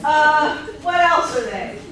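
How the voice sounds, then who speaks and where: A woman lecturing to a class, telling funny anecdotes with lively delivery and frequent laughter. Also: sits high, slow, far from the mic, a crowd in the background. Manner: lively, storytelling, laughing often. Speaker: anthropology lecturer. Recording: echoey classroom recorded from afar, noisy.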